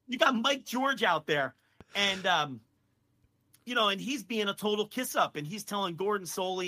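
A man co-hosting a podcast, ranting with heated, profane excitement in casual chat. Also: high voice, normal speed. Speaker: podcast co-host.

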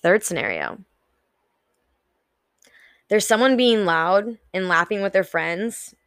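Young woman, solo podcast host, unhurried and candid, swears casually, dry close mic. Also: medium pitch, lively intonation, a bit bright, dry recording. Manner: candid, swears freely, acts out her own inner voice. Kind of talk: solo motivational podcast talk.

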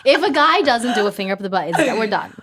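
Bawdy, laughing woman over loud noise. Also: a little high, expressive, fast talker. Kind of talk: casual chat.

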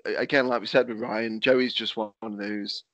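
A man's voice: lowish voice, fairly even intonation, normal speed, fairly bright tone, no echo. A man hosting a podcast, chatting casually and swearing freely over a video call. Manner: sweary, laid-back storytelling. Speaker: podcast host and wrestling promoter. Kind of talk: casual chat. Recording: muffled Skype call audio.

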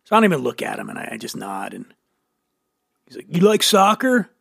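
A man's voice: on the low side, sing-song, quick pace, vocal fry, a bit bright, husky, dry recording. A man hosting a podcast, telling a comic story in a wry, sardonic way with dry asides. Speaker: podcast host.

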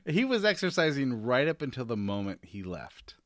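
A man's voice: mid-range voice, big pitch swings, moderate pace, no echo, studio quality. A man co-hosting a podcast in casual chat, chatty, reading from notes and laughing easily. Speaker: podcast co-host.

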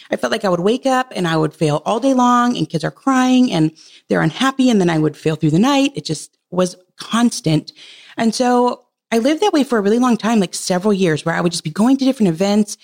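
A woman in her thirties, a podcast guest, telling a heartfelt personal story in casual conversation. She laughs often and leaps up in pitch when she quotes herself. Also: lively intonation, fairly quick, vocal fry, darkish tone. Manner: earnest and heartfelt.

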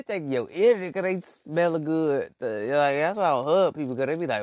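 A man doing a comedic rant monologue, rambling and slangy, full of fillers and restarts, jumping from low mumbles to loud outbursts. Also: animated, fairly quick, few pauses, no echo.

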